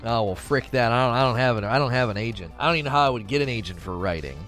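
A man's voice: medium pitch, rapid-fire, a bit bright, faint music behind. A man livestreaming in casual chat, teasing and bantering with his viewers as he reads their comments.

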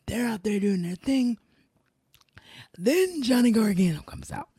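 A woman with a soft, warm, slightly husky voice gives a casual recap of a wrestling show. She relays what each wrestler said in her own plain voice rather than acting it out. The recording is dry and close, with no room sound. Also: medium pitch, animated, unhurried, dry recording. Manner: retells events and quotes in her own voice.

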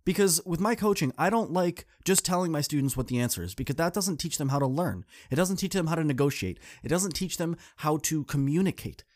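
A man's voice: lively intonation, fairly quick, hardly any pauses. Earnest man telling a coaching story. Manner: earnest and direct, talks straight to listeners; acts out quoted people with shifts in pitch. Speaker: student coach and podcast host. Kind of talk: casual podcast monologue telling a story.

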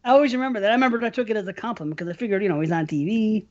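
A man's voice: high voice, rapid-fire, darkish tone. A man co-hosting a casual podcast chat, rambling, swearing casually and laughing often. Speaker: podcast co-host. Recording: dull lo-fi sound.

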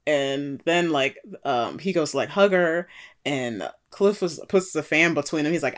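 A woman's voice: sing-song, unhurried. A woman co-hosting a casual chat, laughing often as she retells and quotes a TV episode. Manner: laughs often, swinging pitch, quoting characters. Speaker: podcast co-host. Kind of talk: casual chat recapping a TV show.

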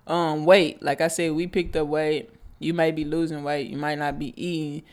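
A candid podcast co-host speaking at a middling pitch. The talk is loose and conversational, full of stories and easy swearing. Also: little pitch movement, normal speed, darkish tone, smooth. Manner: candid, profane, storytelling. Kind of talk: casual chat.

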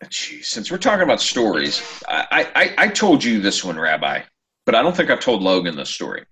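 A man hosting a casual chat show, telling a story with lively, acted-out quotes. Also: lowish voice, a little fast, gravelly. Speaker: podcast host.

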